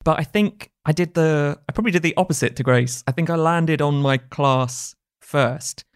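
A man's voice: on the high side, normal speed, clear, resonant tone. A man chatting casually about character ideas, meandering with many fillers. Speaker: podcast co-host and tabletop player. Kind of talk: casual chat.

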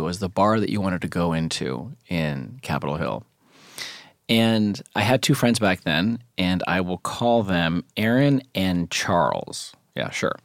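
A middle-aged man telling a candid personal story in a relaxed, conversational way as a podcast co-host. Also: fairly low pitch, no echo, clean studio sound. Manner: candid, conversational, unhurried recollection.

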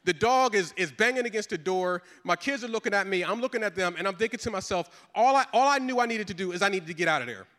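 A middle-aged man, a pastor, telling a comic story in a sermon with lively, animated delivery and lots of repetition. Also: high voice, fast, few pauses, long reverb tail.

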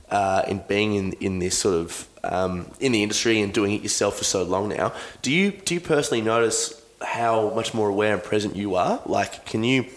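A man hosting a podcast, asking long rambling questions in a casual chat and cracking jokes. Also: fairly low pitch. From Australia. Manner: rambling questions with many fillers and restarts, joking. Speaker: podcast host.

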